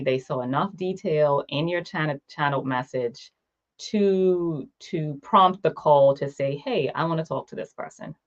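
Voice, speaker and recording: A woman's voice: deep voice, highs cut off. A woman hosting an interview, emphatic and chatty, often asking "right?". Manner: emphatic, many fillers like "right?". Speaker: interview host. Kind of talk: interview chat.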